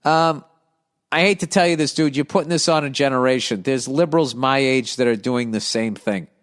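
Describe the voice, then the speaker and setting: A man in a mid-range voice hosts his podcast with a blunt, foul-mouthed, sardonic rant. He thinks out loud and circles back mid-sentence as he goes. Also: medium pitch, brisk. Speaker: podcast host. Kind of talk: casual comedic rant.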